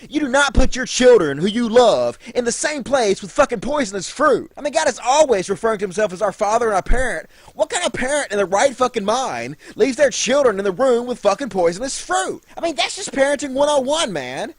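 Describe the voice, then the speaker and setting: A man's voice: sits high, dry recording. A man playing a crude, slacker-style Adam, the first man, in a comedic monologue full of "man" and "dude". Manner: foul-mouthed stoner drawl, lots of "man" and "dude".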